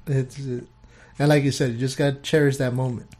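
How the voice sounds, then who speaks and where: A man's voice: mid-range voice, level tone, fairly quick, a little mellow. A man in his thirties, co-hosting a podcast, telling family stories in a loose way with swearing. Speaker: podcast co-host. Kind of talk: casual chat.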